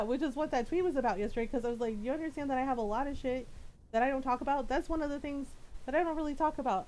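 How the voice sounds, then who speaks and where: A woman's voice: high voice, darkish tone. A middle-aged woman streamer in a candid, rambling chat, often laughing between phrases.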